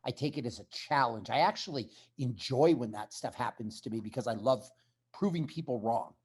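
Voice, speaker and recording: A man's voice: medium pitch, normal speed, breathy edge. A man telling his story as a podcast guest, in a blunt, emphatic conversational way.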